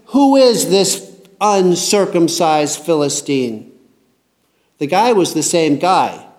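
High-voiced man giving a casual sermon. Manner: reads scripture aloud then comments in a chatty, joking way. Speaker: bible teacher. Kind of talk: casual sermon reading scripture.

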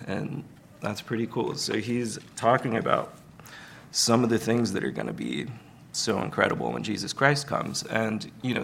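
A man giving a conversational Sunday sermon, relaxed, with many fillers and light humor. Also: on the low side, gravelly, slight background noise. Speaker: preacher.

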